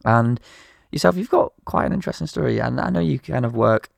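A man's voice: mid-range voice, lively intonation, brisk, vocal fry, no room sound. A man hosting a podcast, interviewing his guest in laid-back, friendly banter. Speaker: podcast host. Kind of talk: casual interview chat.

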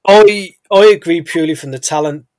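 A man's voice: fairly high pitch, a little fast, darkish tone, no echo. Chatty British man on a dry mic. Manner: chatty, rambling, frequent fillers and restarts. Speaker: podcast co-host. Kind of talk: casual sports chat.

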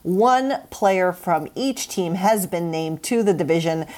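A woman's voice: fairly low pitch, animated, a little slow, a little mellow. A woman co-hosting a sports podcast, chatting casually with frequent restarts and easy laughter. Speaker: podcast co-host. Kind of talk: casual chat.

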